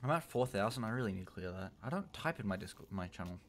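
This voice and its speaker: Excitable young man streaming games. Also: fast. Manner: excitable, swings from loud yelps to low mutters. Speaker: livestreamer. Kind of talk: live gameplay commentary. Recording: noisy home stream mic with key clicks.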